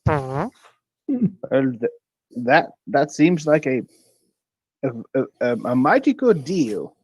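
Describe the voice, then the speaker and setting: A man playing a tabletop game who talks in a halting, stammering way while in character. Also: a little high, sing-song, slightly rough, no echo, poor audio. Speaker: player. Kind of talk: tabletop role-play.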